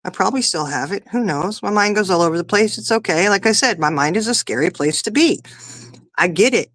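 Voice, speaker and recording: A woman's voice: mid-range voice, expressive, a little fast, a bit bright, no room sound. Chatty woman in her fifties. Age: 50s. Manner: chatty, rambling storyteller. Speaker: podcast guest or co-host. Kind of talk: casual chat.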